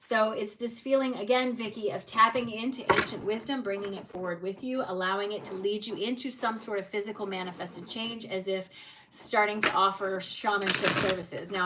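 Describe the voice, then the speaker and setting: A woman's voice: mid-range voice, distant mic, heavy background noise. A woman giving tarot card readings on a livestream, speaking encouragingly and addressing viewers by name.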